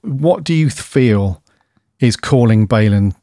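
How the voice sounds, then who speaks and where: A podcast co-host who thinks aloud, hedging and rambling through his questions. His voice is mid-pitched and recorded on a close studio mic, dry and without any room sound. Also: lively intonation, unhurried, warm tone, dry recording. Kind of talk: casual chat. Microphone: studio dynamic mic.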